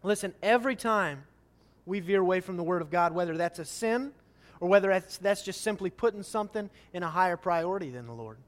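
A man's voice: high-pitched, lively intonation, brisk. A man preaching a sermon, reading Scripture and acting out the people's pleas with rising, emphatic questions.

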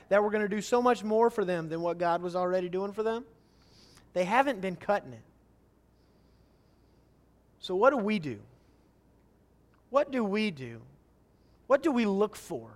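A man preaching a sermon, reading Scripture and acting out the people's pleas with rising, emphatic questions. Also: high voice.

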